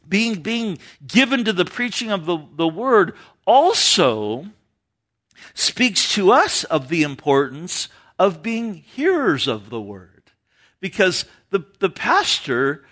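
A man's voice: sits high, fairly bright tone. A male pastor preaching an earnest sermon to his congregation, reading scripture aloud and explaining it verse by verse. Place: church sanctuary with a live congregation.

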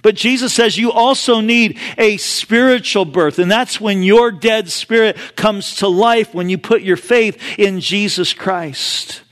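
A man preaching a sermon with a noticeably high voice. He talks in a relaxed, conversational way and drifts into asides as he tells stories. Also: unhurried, few pauses. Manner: conversational storytelling with frequent asides. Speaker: pastor.

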